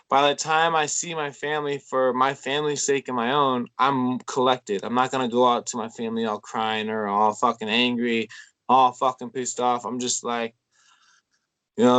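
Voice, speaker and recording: A man's voice: medium pitch, a bit bright. A young man, a podcast guest, telling a long story in casual chat, rambling and swearing with lots of fillers and restarts. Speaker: podcast guest, MMA fighter.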